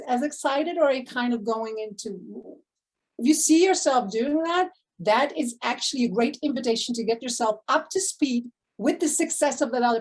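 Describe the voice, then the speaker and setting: Woman coach with a fairly high voice for an effusive motivational live talk; gasps, bursts of excitement, then drops to a hush. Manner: enthusiastic and effusive, with sudden gasps and swings between loud and hushed. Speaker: spiritual abundance coach.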